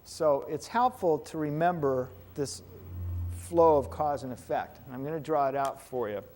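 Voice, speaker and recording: A man with a slightly higher than average voice lectures a class of students. His delivery is loose and conversational, and he often stops to ask the room whether they follow. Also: animated, normal speed, a little mellow. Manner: conversational, asks the class questions. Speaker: hypnotherapy lecturer.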